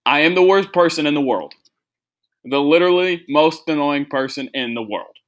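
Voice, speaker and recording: This comedy podcast comes from a young adult man with a fairly high voice at a moderate pace. His casual monologue is rambling and self-deprecating, with "like" scattered throughout.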